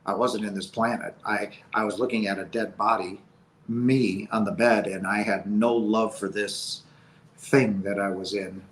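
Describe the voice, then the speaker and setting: A low-voiced man speaks as an interview guest, giving personal testimony. His delivery is earnest and halting, with emotion close to the surface. A faint hiss sits under his voice. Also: steady tone, poor audio.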